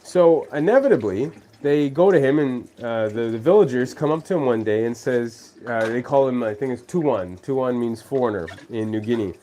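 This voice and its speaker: A man's voice: mid-range voice, animated, moderate pace, few pauses, mellow, a little hiss or hum. A man hosting a casual faith vlog, retelling a story in a rambling way and acting out the people he quotes. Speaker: vlog host. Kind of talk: casual faith talk while doing dishes. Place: home kitchen at the sink.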